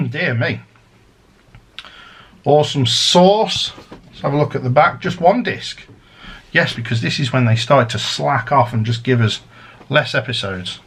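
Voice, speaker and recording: A man's voice: medium pitch, lively intonation, unhurried, a bit bright, slightly rough. A man chatting casually as he unboxes a collector's set, rambling and drifting into fan theories. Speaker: unboxing vlogger.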